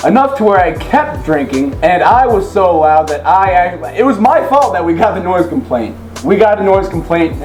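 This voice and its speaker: Casting: upbeat man with a high voice, rambling storyteller, echoey room with faint music. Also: moderate pace, hardly any pauses. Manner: rambling, animated anecdote-teller. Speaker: guest. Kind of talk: casual chat, storytelling.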